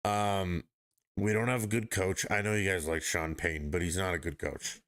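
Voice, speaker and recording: Deep-voiced guy ranting on his podcast, swears a lot, real blunt. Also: fairly even intonation, normal speed, a bit bright. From Denver area, United States. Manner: blunt, profane, dismissive. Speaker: podcast host. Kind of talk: casual sports rant.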